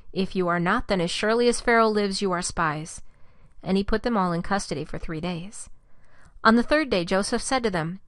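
A woman reading scripture aloud in a steady, measured way, giving quoted speech only a slight lift. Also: medium pitch, no echo. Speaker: scripture reader.

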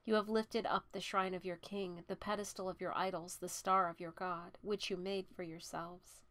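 A woman reading scripture aloud at a steady, measured pace. She drops softer on the speaker tags and rises louder for the rebukes. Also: on the low side, no room sound. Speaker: scripture reader.

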